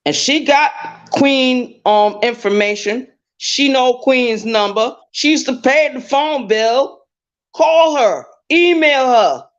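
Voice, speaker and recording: A woman speaking slowly and deliberately as a call-in guest, blunt and emphatic, going over her points more than once. Her voice comes through an online call with dull, muffled lo-fi audio. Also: sits high. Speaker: guest caller. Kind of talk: casual drama commentary. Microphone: online call through a browser.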